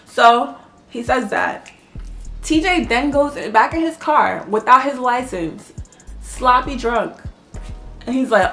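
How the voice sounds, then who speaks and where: A woman telling a personal story in a casual vlog, animated, laughing often and swearing freely. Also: fairly high pitch, slow pace, faint music behind.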